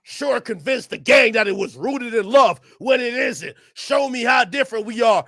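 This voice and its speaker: A man ranting loudly and profanely to his chat during a live stream reaction. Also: extremely high pitch, animated, moderate pace, no room sound, studio quality. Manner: loud, profane ranting, often shouting; talks to his chat and laughs between bits.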